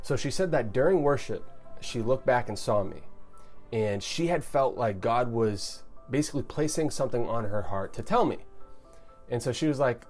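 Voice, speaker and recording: A young man telling a personal story on his channel in an animated, conversational way, often checking in with the listener. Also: medium pitch, moderate pace, faint music behind. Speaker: YouTuber.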